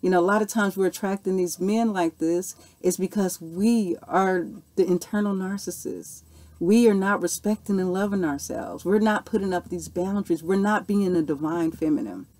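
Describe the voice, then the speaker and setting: Woman, 40s, earnest vlogger answering viewer questions, slightly low voice. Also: normal speed. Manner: earnest, animated storytelling with repeated "okay" and "you know". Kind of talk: casual Q&A monologue.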